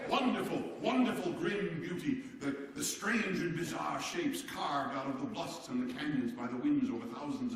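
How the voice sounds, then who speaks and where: A man's voice: fairly high pitch, fairly bright tone. An actor playing a hearty, boisterous old-time American president, speaking theatrically and exclamatorily straight to the audience in a live one-man stage show. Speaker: stage performer. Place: performance hall before a seated audience. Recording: echoey hall, voice picked up from far off.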